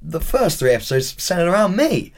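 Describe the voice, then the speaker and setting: A man in his thirties with an English accent, a podcast guest telling animated stories in casual chat and swearing freely. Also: sits high, brisk, vocal fry.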